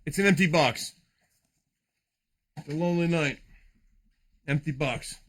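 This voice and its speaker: Rowdy male card-break host, high and lively, bright voice, jokey rambling patter with cursing. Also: unhurried. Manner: loud, joking, rambling, swears often. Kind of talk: casual livestream card break.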